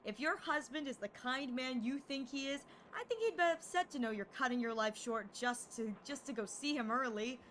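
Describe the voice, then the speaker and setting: A woman's voice: high-pitched, moderate pace, hardly any pauses, a bit bright, slight background noise. A woman streaming a game, chatting playfully and reading lines aloud in casual commentary.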